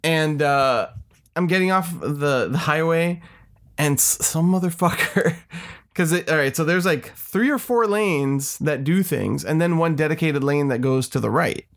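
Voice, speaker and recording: A man, co-hosting a casual chat and telling stories in a profane, animated way. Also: on the high side, a little slow, vocal fry. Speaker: podcast co-host.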